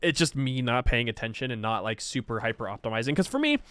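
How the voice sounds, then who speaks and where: A man's voice: mid-range voice, animated, fast, a bit bright, clear, resonant tone, dry recording. A man casually commenting on his own strategy gameplay, chatty and self-mocking, laughing often. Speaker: game streamer.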